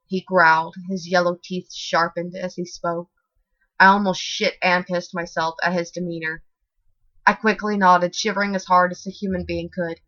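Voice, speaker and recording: A woman reading a horror story as scripted narration in a steady, expressive way, in a slightly muffled dry recording. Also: on the low side, normal speed, no room sound.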